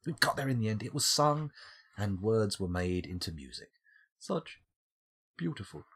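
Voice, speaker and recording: A man's voice: lowish voice, big pitch swings, moderate pace, fairly bright tone, slightly rough. A man rambling and joking to himself as he streams a game. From United Kingdom. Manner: rambling, jokey, talks to himself. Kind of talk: casual gameplay commentary.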